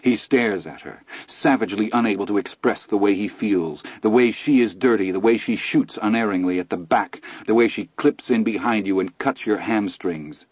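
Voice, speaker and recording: Low-voiced man reading a novel. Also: moderate pace, few pauses, husky, dry recording, muffled recording. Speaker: audiobook narrator. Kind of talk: scripted narration.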